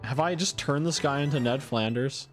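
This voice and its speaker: A man's voice: mid-range voice, normal speed, faint music behind. A man casually commenting while he plays a video game, chatty and thinking aloud. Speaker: streamer.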